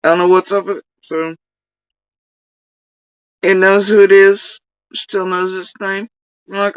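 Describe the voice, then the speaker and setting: A woman's voice: mid-range voice, flat delivery, unhurried, long pauses, clear, resonant tone, no echo, lo-fi sound. A woman telling a casual story on a livestream, rambling, laughing and swearing freely.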